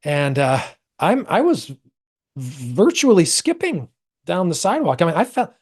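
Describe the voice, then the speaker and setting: A middle-aged American man, an actor, telling a personal story as a podcast guest, animated and acting out quoted voices. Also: measured pace, husky. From United States. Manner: animated, acts out quoted voices with big pitch jumps.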